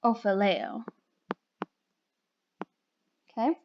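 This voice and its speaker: Slow, patient woman teaching grammar. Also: a little high, dull audio, slight background noise. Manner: patient, explanatory, frequent "okay?" and "right?" checks. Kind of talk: recorded grammar lesson.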